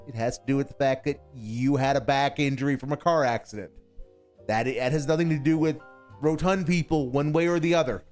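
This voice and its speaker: A man's voice: mid-range voice, a little fast, darkish tone, faint music behind. A man giving sarcastic, exasperated reaction commentary on a clip, mocking what he hears. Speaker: stream commentator.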